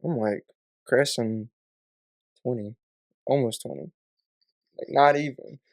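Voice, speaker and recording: A man's voice: medium pitch, slow pace, vocal fry, darkish tone. A man on a podcast telling a casual, profane story in a laid-back way, often breaking into laughter. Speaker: podcast guest.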